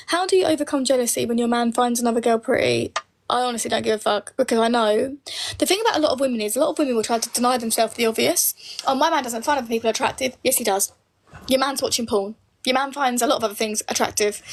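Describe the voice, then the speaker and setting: A woman in her late twenties, bluntly answering viewer comments on a live stream, swearing freely and speaking her mind. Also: a little high. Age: late 20s. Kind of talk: casual live Q&A.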